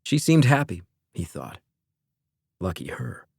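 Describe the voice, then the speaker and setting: A man reading an audiobook as narrator, in a measured storytelling manner. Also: fairly low pitch, lively intonation, dry recording. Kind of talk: scripted narration.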